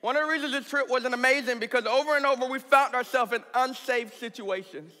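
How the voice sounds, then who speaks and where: A man pastor telling a candid, comic story in a sermon, animated and laughing along. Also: very high-pitched, brisk. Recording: reverberant hall sound.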